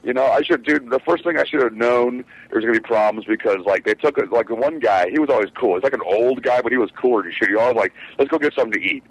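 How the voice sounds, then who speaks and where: A man's voice: medium pitch, quick pace, hardly any pauses, dry recording, poor audio. A man who drives trucks, telling a rambling, profane story in casual podcast chat, with lots of fillers. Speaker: truck driver, show regular.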